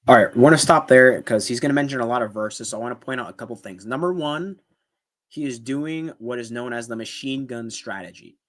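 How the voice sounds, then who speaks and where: Here a man with a medium-pitched voice, speaking slightly quickly, hosts an apologetics commentary video reacting to a debate clip. The tone is casual and conversational: he builds his argument step by step, keeps asking "right?", and restarts sentences amid fillers.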